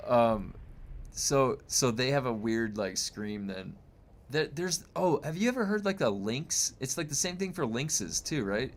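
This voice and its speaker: A man's voice: mid-range voice, lively intonation, a little slow. A young adult man streaming, chatting casually with viewers in a rambling way full of fillers and restarts. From United States. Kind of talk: casual chat reading viewer comments.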